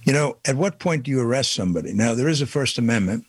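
An indignant man delivering a political commentary monologue. He drives his points home with one rhetorical question after another. His voice is mid-pitched and sits dry and close, with no room sound around it. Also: lively intonation, fast, breathy edge, no echo. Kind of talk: opinion monologue.

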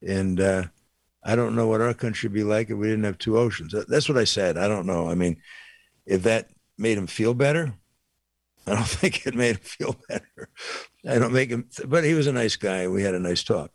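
A man's voice: fairly low pitch, normal speed, vocal fry, no echo. An older man giving a blunt, indignant opinion monologue, rambling with fillers and asides. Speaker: commentator.

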